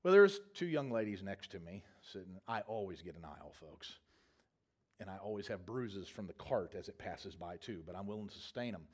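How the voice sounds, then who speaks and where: A man's voice: low voice, very animated, normal speed. A man preaching a sermon as a pastor, telling a long, humorous travel story in a rambling, self-correcting way.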